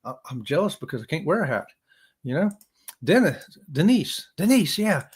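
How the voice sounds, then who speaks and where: A man's voice: fairly high pitch, big pitch swings, moderate pace, slightly rough. A man hosting a live stream, chatting casually with viewers in an upbeat, joking, folksy way. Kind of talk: casual chat reading viewer comments.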